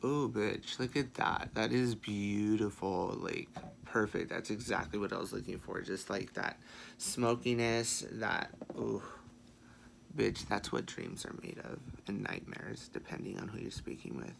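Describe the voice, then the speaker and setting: Sassy gravelly-voiced man doing makeup. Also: lowish voice, measured pace, slight background noise. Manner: sassy, chatty, swears playfully, frequent quiet muttered asides. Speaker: makeup vlogger. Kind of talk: makeup tutorial chat.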